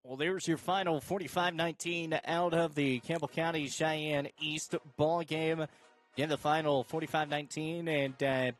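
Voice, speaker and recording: Over soft background music, a man hosting a local sports show shouts excited play-by-play calls over high school football highlights at normal speed. He then interviews a player casually, with lots of fillers.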